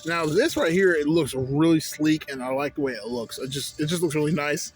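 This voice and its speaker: A man's voice: on the high side, a little fast, husky, faint music behind. A young man casually reviewing a vape on his vlog, rambling and swearing through digressions. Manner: profane, rambling, digressive storytelling.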